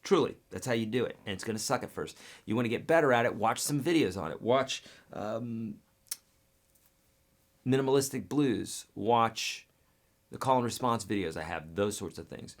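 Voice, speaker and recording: A man's voice: mid-range voice, normal speed. A man teaching guitar on a live webcast, reading viewer questions and answering in a casual, direct way that keeps checking in with "okay?".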